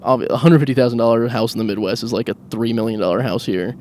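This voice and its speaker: A man's voice: medium pitch, fairly even intonation, quick pace, a little mellow, slight background noise. A man hosting a solo podcast while driving a car. He rambles comically, mocks himself and laughs at his own jokes. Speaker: podcast host. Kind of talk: solo rambling comedic monologue.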